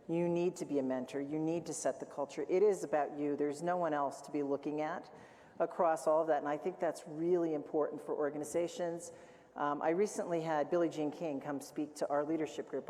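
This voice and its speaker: A woman's voice: low-pitched, dark tone. A woman executive on a panel, speaking earnestly and with emphasis. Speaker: company CEO panelist. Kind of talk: panel discussion. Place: conference stage. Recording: hall reverb.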